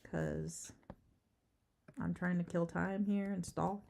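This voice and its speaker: A woman's voice: fairly low pitch, fairly even intonation, slow, creaky, darkish tone, slight background noise. A woman hosting a casual livestream race preview, chatting with her viewers between horse introductions, speaking without her usual headset. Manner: chatty, talks to chat, asides and laughs. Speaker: race caller and host. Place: relative's house, indoors. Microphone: no headset, makeshift setup.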